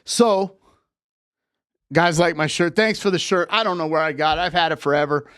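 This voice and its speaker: A man's voice: fairly high pitch, steady tone, normal speed, a bit bright, clear, resonant tone, no echo, clean studio sound. A man coaching on relationships in a live talk, lecturing emphatically with repeated points.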